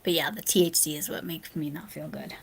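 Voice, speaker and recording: A woman chatting casually on a late-night livestream, answering viewer comments aloud and often dropping into a soft near-whisper, sleepy and yawning. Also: sits low, steady tone, a little fast, slightly rough. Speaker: live streamer.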